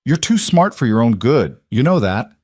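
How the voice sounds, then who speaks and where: A man voicing an anxious, gentle father in his thirties who speaks reassuringly. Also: mid-range voice, very animated, moderate pace, dry recording, studio quality, pitched above the performer's own voice.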